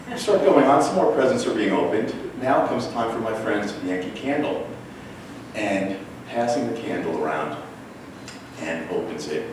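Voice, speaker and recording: A man telling a personal story on stage at a storytelling class, wry and animated, mimicking voices for punchlines. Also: medium pitch, slight background noise. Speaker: storyteller at a live class show. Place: small theater with an audience. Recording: echoey room recorded from far off.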